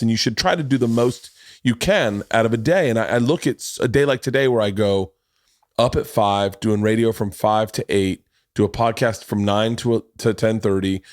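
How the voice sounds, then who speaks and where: A man in his forties with a fairly low voice, hosting a casual podcast. He rambles through self-deprecating stories, stumbling and restarting as he goes, recorded close and dry with no room sound. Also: darkish tone, no echo. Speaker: podcast host.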